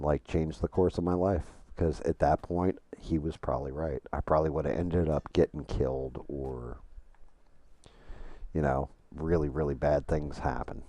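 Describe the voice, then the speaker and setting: Very deep-voiced profane man streaming games. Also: dark tone, no room sound. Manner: profane, storytelling, rambling with restarts. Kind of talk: casual live-stream chat while gaming.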